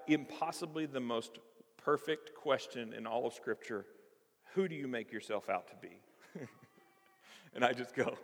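Animated man preaching in a reverberant hall. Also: mid-range voice, measured pace, pauses often. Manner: animated, acts out voices of the text. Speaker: pastor. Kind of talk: sermon.

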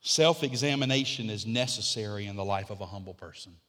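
A middle-aged man delivers a sermon from the pulpit, his voice bright and forceful. He climbs into emphatic, repeated declarations, then drops to a calm, confiding teaching tone. A long reverb from the large sanctuary trails behind every phrase. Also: on the low side, a little fast. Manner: builds to emphatic, rising repetition then drops to quiet conversational teaching. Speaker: pastor.

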